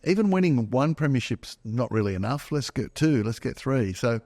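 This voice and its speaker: A man's voice: mid-range voice, animated, normal speed, a little mellow, no echo, clean studio sound. A middle-aged man co-hosting a business podcast, making emphatic, punchy points in casual chat. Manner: emphatic, punchy short statements. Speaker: podcast co-host.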